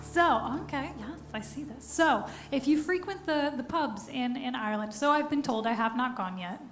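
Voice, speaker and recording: A woman's voice: high voice, lively intonation, normal speed. A woman band member chatting with a concert audience between songs in a rambling, giggly way, recorded live on stage. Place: live music venue stage. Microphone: stage vocal mic. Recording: roomy live concert sound with band music.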